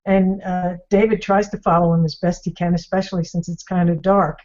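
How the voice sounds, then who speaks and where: A woman's voice: fairly low pitch, level tone, a little fast, darkish tone. A woman hosts an online group, retelling a story in a loose, casual way. She talks in a rambling manner with many fillers and restarts. Her audio is a little dull, as over a video call. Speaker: discussion host.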